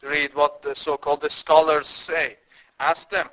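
A man's voice: a little high, flat delivery, a little slow, pushed and bright. A man from India preaching a sermon, impassioned, with emphatic rises and repeated words. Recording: dull lo-fi recording.

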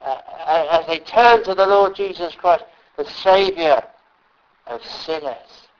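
A man preaching a sermon, often pausing and repeating words as he stresses a point. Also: sits high. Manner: halting, repeats words, emphatic. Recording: dull lo-fi recording.

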